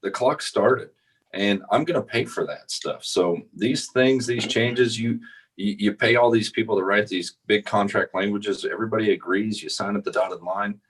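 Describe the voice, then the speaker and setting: Deep husky man in casual chat. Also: moderate pace, a bit bright. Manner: emphatic, repeats words while thinking. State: married. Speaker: podcast co-host.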